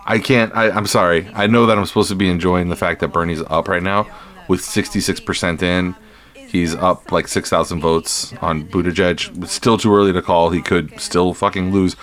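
A man's voice: low voice, fairly even intonation, moderate pace, fairly bright tone. A man hosting a podcast in casual chat, talking in a profane, rambling, sardonic way. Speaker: podcast host.

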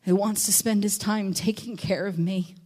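A woman giving a teaching talk on a psalm, telling stories with acted-out voices and slowing down reflectively on key lines. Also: medium pitch, slightly rough. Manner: animated storytelling, acts out quotes and sheep with sudden loud voices; reflective, slows and softens on key verses. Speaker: Bible teacher.

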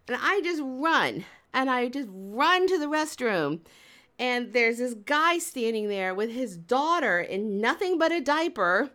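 A woman telling a comic story in an animated, dramatic way, acting out her own panic. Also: sits high.

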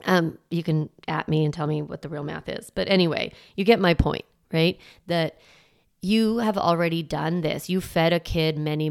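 A woman in her forties talks through a solo parenting podcast. Her voice sits fairly low with a gravelly, fry-edged texture. She keeps it casual and chatty, coaching her listeners with encouragement and plenty of "like" and "you know". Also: a little mellow. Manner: casual and chatty, filler-heavy, laughs easily.

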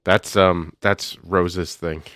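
A man co-hosting a podcast, chatting casually with dry, deadpan humor. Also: low-pitched, takes it slowly, clear, resonant tone, no room sound. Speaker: podcast co-host.

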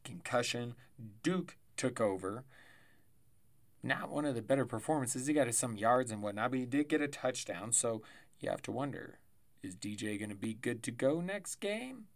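A man's voice: mid-range voice, animated, moderate pace. Rambling tired man talking football. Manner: rambling, chatty, self-correcting with asides and laughs. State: tired, yawning. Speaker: fantasy football podcast host. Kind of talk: casual solo sports podcast.

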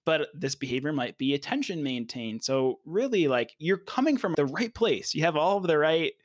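A man's voice: on the high side, very animated, normal speed, dry recording. Man, podcast co-host, casual explaining, frequent "right?" check-ins, dry sound. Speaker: podcast co-host, behavior analyst.

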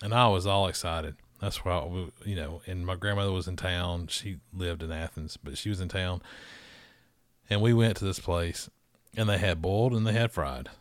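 A man's voice: low voice, moderate pace, no echo. A man, hosting a casual chat and telling stories with laughs and restarts. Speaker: podcast host.

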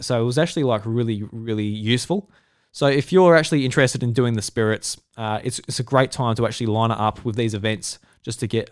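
A man from South Australia, with an Australian accent, hosts a solo podcast in a casual, rambling way full of fillers and restarts. His mid-range voice is smooth, recorded as clean studio sound with no room sound.

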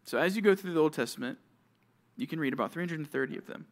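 A young youth pastor with a fairly high voice talks fast as he preaches a lively sermon to a junior high group. He tells stories and acts out little scenes, swinging from loud calls to near whispers.

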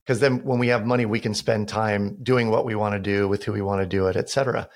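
Man with a gravelly low voice. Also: steady tone, quick pace. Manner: storytelling with quoted dialogue, earnest. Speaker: guest, financial expert. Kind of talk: casual podcast conversation.

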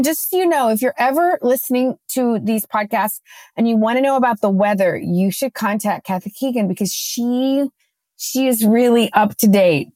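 A woman co-hosting a podcast, chatting casually and telling a lively story, acting out her own quotes. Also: medium pitch, no room sound. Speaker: podcast co-host.

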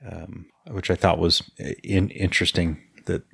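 A man's voice: sits low, little pitch movement, moderate pace, creaky, a bit bright, slightly rough, no echo, clean studio sound. A man co-hosting a casual book podcast, giving frank opinions with frequent hesitations. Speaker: podcast co-host.

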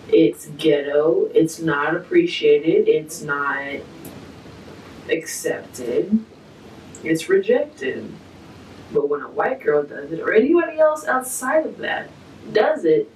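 A woman's voice: medium pitch, a little mellow, roomy sound. Woman, emphatic casual chat, distant mic, faint background hiss. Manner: emphatic, repetitive, frank. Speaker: podcast co-host.

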